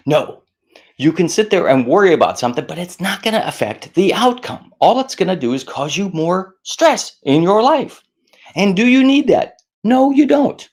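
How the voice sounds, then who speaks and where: A middle-aged man giving casual stress-management advice to camera, animated and self-mocking, acting out worried voices in a higher pitch. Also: moderate pace.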